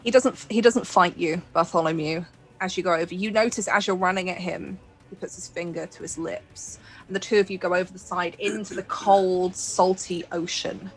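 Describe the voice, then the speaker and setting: A woman's voice: on the low side, fairly even intonation, normal speed, low-quality recording. A woman as game master, narrating a tabletop horror game with dramatic, descriptive storytelling. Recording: light background music.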